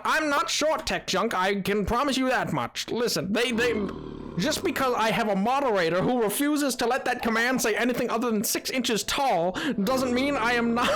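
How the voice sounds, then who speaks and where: A man's voice: very high voice, a bit bright. A man live streaming while gaming, chatting with viewers in a put-on 1920s radio announcer accent, playful and laughing often.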